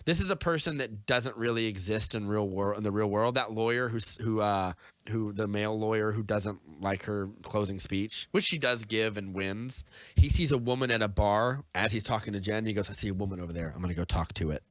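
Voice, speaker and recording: A man's voice: fairly low pitch, moderate pace, a bit bright, no echo. Rambling young man on a podcast. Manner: rambling, lots of "like" and "or whatever". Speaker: podcast co-host. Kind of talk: casual chat.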